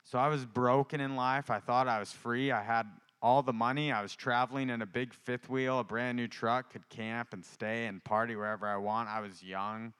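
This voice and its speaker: A young man from Louisiana giving an impassioned testimony sermon, rising to loud outbursts and dropping to whispered prayers. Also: mid-range voice, steady tone, moderate pace, hardly any pauses, clean tone. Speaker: preacher.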